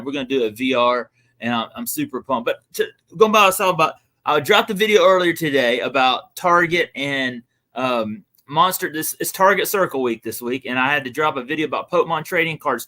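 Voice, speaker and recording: Upbeat Southern host in his forties, bright and chatty, a touch higher pitched. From Georgia, US. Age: 40s. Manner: upbeat, repeats "super pumped", chatty. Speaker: livestream host. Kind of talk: casual livestream chat.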